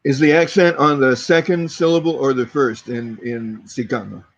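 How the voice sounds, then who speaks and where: A man's voice: medium pitch, steady tone, normal speed, dull audio. A man taking part as a student in an online language class. He repeats new words and asks how to pronounce them. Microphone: video call.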